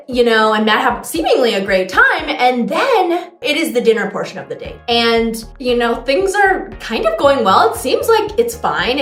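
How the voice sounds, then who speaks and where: A woman's voice: on the high side, fairly bright tone, roomy sound. A young adult woman hosting a podcast, giving a chatty, sarcastic TV recap full of "like" and "you know.". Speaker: podcast host. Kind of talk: casual TV recap commentary.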